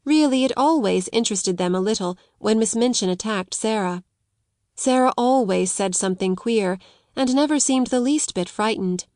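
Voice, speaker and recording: A woman's voice: mid-range voice, no echo, studio quality. Woman narrating a classic novel. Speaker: audiobook narrator.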